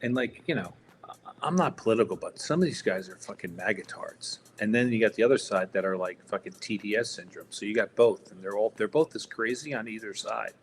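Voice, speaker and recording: A man's voice: on the low side, fairly quick, slight background noise. A man on a day-trading live stream, telling stories in a rambling, profane, casual way.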